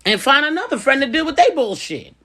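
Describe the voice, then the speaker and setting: A woman's voice: high voice, sing-song, brisk, a bit bright. A middle-aged woman and business owner giving casual advice straight to camera, blunt and emphatic, coming back to her points again and again.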